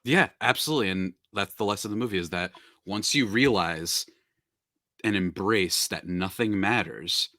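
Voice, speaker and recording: Guy hosting a podcast, bright forward voice, dry close sound, laid back and jokey, lots of ums. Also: fairly low pitch, moderate pace, dry recording. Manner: laid-back, joking, filler-heavy. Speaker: podcast host. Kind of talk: casual podcast chat.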